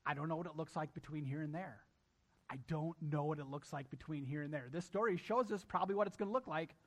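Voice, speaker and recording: A man's voice: fairly high pitch, fast. A male pastor preaching a sermon emphatically, repeating key lines and addressing his congregation directly.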